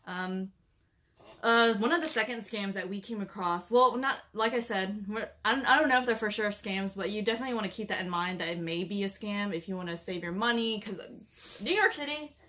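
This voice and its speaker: Young female vlogger, everyday conversational delivery, rambly with fillers, mid-range pitch. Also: brisk, bright, forceful tone. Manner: chatty, rambling with many "like" and "um" fillers, giving cautionary advice. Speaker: travel vlogger. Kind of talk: casual chat.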